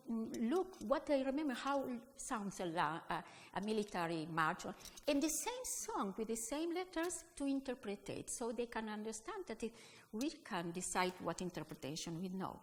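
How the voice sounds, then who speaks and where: A woman music educator giving a conference talk, with halting, non-native phrasing, often turning to question her audience. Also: fairly high pitch, expressive, a bit bright, a little hiss or hum. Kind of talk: conference presentation. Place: conference hall. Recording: long hall reverb.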